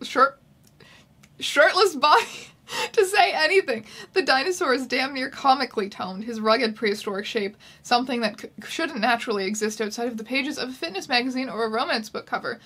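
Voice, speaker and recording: A woman's voice: a little high, a little fast. Wry woman reading a book aloud. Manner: wry, deadpan asides. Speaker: YouTube host. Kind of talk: comedic book reading and commentary.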